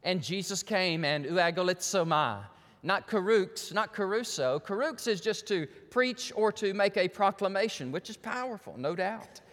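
High-voiced pastor preaching in a hall. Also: male voice, normal speed, a bit bright. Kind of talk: sermon. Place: church sanctuary.

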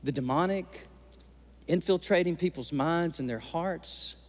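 Male pastor, high-pitched and fervent, sermon in a reverberant sanctuary. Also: a little slow. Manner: impassioned preaching, tearful at times. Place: church sanctuary. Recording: long hall reverb.

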